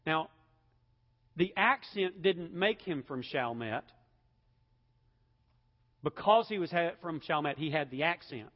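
A man with a slightly high voice delivers an emphatic sermon, rising to loud peaks and falling back to quiet, low stretches. The recording is somewhat dull, and his words ring out in a long hall reverb, as in a church sanctuary. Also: lively intonation, takes it slowly, long pauses. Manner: emphatic preaching, building to loud peaks then dropping low. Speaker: pastor.

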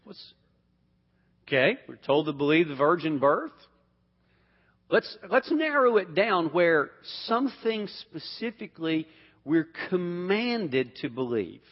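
A man's voice: a little high, sing-song, takes it slowly. A man leading an interactive Bible class, asking the group questions and often restarting his sentences. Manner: asks questions, repeats words, restarts often. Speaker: Bible teacher. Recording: dull sound with long hall reverb.

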